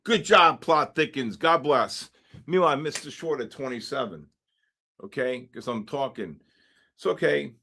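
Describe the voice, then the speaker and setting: A man hosting a live trading stream, talking excitedly through charts, exclaiming and repeating himself. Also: medium pitch, moderate pace, vocal fry, background noise. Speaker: trading livestream host.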